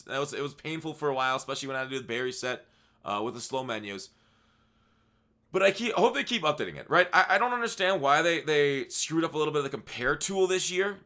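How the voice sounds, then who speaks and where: Bright-voiced tired man talking games. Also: fairly high pitch. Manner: rambling, with frequent restarts and asides. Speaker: video game commentator. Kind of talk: casual commentary over gameplay.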